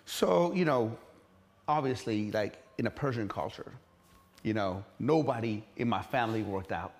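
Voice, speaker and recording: A man's voice: lowish voice, lively intonation, normal speed. Blunt middle-aged man from Iran. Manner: blunt and emphatic, swears, acts out quoted voices. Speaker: guest, gym entrepreneur. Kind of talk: casual storytelling interview.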